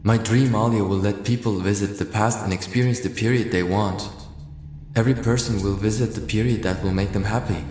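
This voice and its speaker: A man's voice: lowish voice, steady tone, fairly quick, darkish tone, a little hiss or hum, lightly acted. A man voicing an inventor protagonist, speaking in an earnest, wondering manner.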